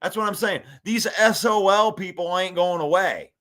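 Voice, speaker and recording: A high, bright-voiced man hosts a live fan commentary stream. He talks in an animated, hyped way, reads chat comments aloud and laughs often. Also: moderate pace. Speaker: sports show host.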